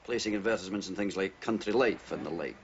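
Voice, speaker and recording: An actor playing a shady businessman boss who gives brisk, dismissive orders in a TV drama. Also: low voice, creaky, slight background noise. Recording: dull lo-fi TV audio.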